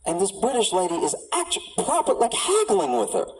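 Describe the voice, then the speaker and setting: A man's voice: sits high, wildly swooping pitch, fairly quick, distant mic, rough recording. Man doing a stand-up set from afar. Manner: riffing storyteller, builds into exasperated rants. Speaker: stand-up comedian.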